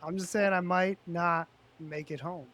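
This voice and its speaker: A man in his thirties co-hosting a podcast, telling stories in casual banter and getting loud as he acts out his confrontations. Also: unhurried, dull audio. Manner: animated storyteller, loud and high when retelling confrontations. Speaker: podcast co-host.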